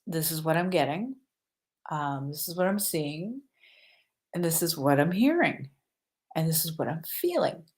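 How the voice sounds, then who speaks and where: A woman who works as a psychic medium, telling a story in a casual, chatty way and laughing now and then. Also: lowish voice. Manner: unhurried and chatty, laughs as she recounts.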